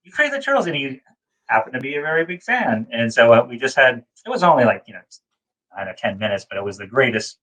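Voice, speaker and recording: A man's voice: lively intonation, fast, a bit bright, rough recording. A man from New England, co-hosting a casual chat and telling long, rambling anecdotes full of fillers. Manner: rambling storyteller, acts out quotes in a high voice. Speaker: co-host.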